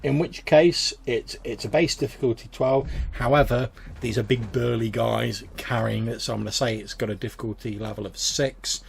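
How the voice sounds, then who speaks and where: Gravelly game master. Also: male voice, mid-range voice, fairly even intonation, moderate pace, hardly any pauses, a little hiss or hum. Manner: casual, rambling, filler-heavy. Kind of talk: narrating a tabletop game.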